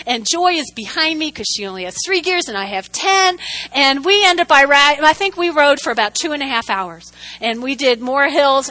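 Bright high-voiced woman preaching a lively sermon. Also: rough recording. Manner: animated, humorous storytelling with audience call-and-response.

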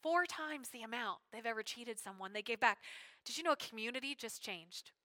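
A woman preaching a sermon in an animated, conversational way with casual slang. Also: a little high, a little fast, dry recording.

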